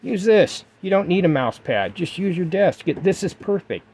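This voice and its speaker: A middle-aged man, a gaming vlogger, talks casually to the camera and gives his viewers advice. His husky, darkish voice is high-pitched with big pitch swings at a moderate pace. He is emphatic and repetitive, with lots of fillers.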